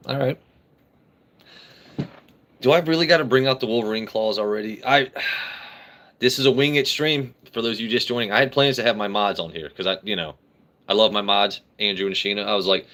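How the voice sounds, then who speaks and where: A man with a somewhat low voice hosts a casual live stream. He jokes brashly and swears freely as he answers viewers' comments. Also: fairly quick, pauses often, a bit bright. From United States. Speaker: livestream host.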